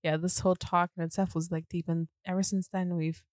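Woman co-host, lowish voice, dry close mic, animated storyteller who laughs easily. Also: fairly quick, no echo. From Germany. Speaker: podcast co-host. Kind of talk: casual storytelling chat.

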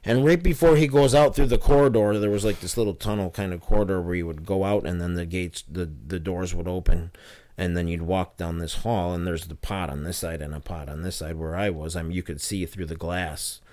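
A man's voice: low voice, fairly even intonation, fairly quick, darkish tone. A man telling his personal testimony in an interview, earnest and storytelling, with many fillers and restarts. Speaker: interview guest.

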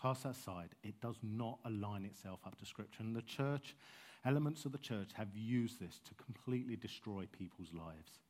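A man's voice: on the low side, expressive, moderate pace, darkish tone. A man preaching a sermon in a passionate, conversational way, with frank asides to his listeners.

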